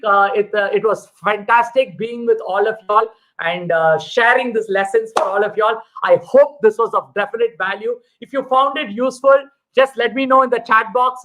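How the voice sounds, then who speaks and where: A man's voice: very high-pitched, a bit bright, rough recording. A man with an Indian English accent, a psychiatrist hosting a motivational live session. He speaks earnestly, repeats his key lines and reads viewer comments aloud.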